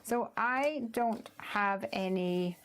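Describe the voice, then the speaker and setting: A woman hosting a live card-making stream, chatting as she works, thinking aloud and sometimes dropping to a soft murmur. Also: medium pitch, extremely slow, a little hiss or hum. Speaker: crafting livestream host. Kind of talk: live crafting demo with chat.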